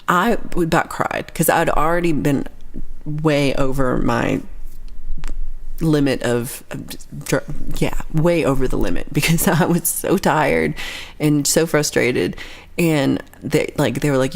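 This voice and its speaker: A young woman hosting a casual livestream chat, telling a story with lively quoted voices and laughs. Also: deep voice, a little slow, vocal fry. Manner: animated storytelling, acting out quoted people, frequent laughs. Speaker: livestream host.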